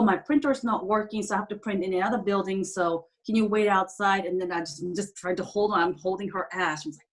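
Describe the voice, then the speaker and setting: A woman in a group conversation tells a heartfelt story in halting speech, with frequent restarts and loose grammar. Her pitch sits in an ordinary middle range. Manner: halting, restarts sentences, non-standard grammar. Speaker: group participant sharing a story. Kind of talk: casual personal storytelling.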